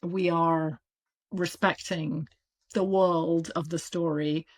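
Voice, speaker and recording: A woman with a British accent, an audiobook publisher talking casually and animatedly as an interview guest. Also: fairly low pitch. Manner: animated, chatty, quick asides with laughs.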